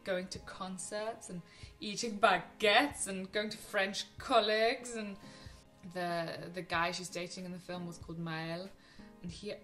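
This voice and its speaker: A woman's voice: mid-range voice, fairly even intonation, a little slow, a bit bright, faint music behind. A young woman casually talking about favourite films, chatty and gushing, with frequent ums and restarts. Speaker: film vlogger. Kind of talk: casual film recommendations to camera.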